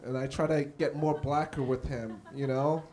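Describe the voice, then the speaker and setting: A man's voice: medium pitch, normal speed. A man performing a live stand-up set in a small cafe, telling stories and acting out the people in them. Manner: animated, acts out characters in his stories. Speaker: stand-up comedian. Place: small cafe comedy stage.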